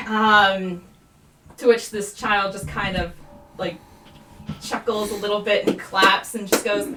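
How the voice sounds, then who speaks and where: A woman's voice: mid-range voice, level tone, takes it slowly, pauses often, bright, forceful tone. Woman game master, rambling, filler-heavy narration, roomy echo, mic set back. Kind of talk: live-streamed tabletop game narration. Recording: roomy echo, mic at a distance, music behind.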